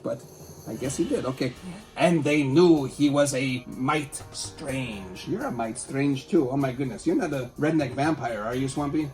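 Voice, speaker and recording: With a mid-range voice, a comedy show host reads a tabloid article aloud, breaking off now and then for playful, teasing remarks aimed at his silent puppet sidekick.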